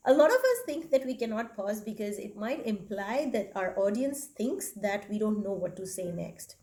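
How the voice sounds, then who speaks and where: A woman teaching presentation skills, talking straight to her viewers and showing shifts in pitch and inflection as she explains them. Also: big pitch swings, moderate pace, darkish tone. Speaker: speaking coach. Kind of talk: instructional talk to camera. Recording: echoey room.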